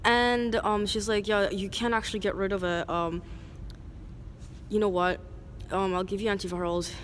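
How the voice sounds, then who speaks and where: A woman's voice: medium pitch, flat delivery, moderate pace. Rambling woman talking on a noisy street. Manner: rambling, many "like" fillers. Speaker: vlogger. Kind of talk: rambling casual monologue.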